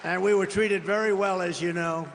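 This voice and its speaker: At a campaign rally before a large crowd, a candidate speaks from a podium microphone in a high-pitched, steady voice with vocal fry and a moderate pace. His speech is boastful and wandering, peppered with off-the-cuff comments to the audience, and the big hall gives it a long reverb.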